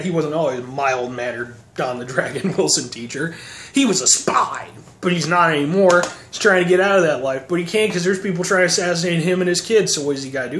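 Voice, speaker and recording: A man sarcastically recapping action movies in a casual, profane, rambling way. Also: high-pitched. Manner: sarcastic, profane, mocking voices. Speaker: movie reviewer. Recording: echoey room, faint noise.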